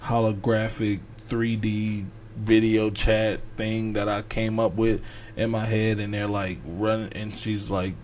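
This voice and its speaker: Male podcast host, easygoing storyteller, wanders and slips into quick character voices, faint background hum. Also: fairly low pitch. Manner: rambling, acts out characters' lines in quick voices. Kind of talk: casual storytelling.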